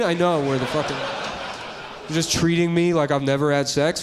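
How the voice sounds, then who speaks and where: Male comedian, middle-aged, rambling deadpan delivery, slightly high voice, noisy live sound. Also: quick pace. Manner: rambling, deadpan, trailing off into mumbles. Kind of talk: stand-up comedy bit.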